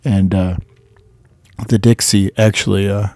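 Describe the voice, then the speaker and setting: A man telling a casual anecdote in a rambling way, with many filler pauses. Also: on the low side, fairly even intonation, warm tone, no room sound, studio quality. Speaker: storyteller.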